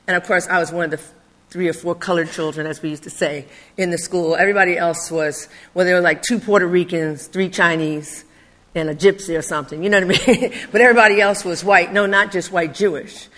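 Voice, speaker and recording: Older woman, from Philadelphia, public talk, conversational storytelling, slightly low voice. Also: brisk. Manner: conversational, animated storytelling with laughs. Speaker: speaker.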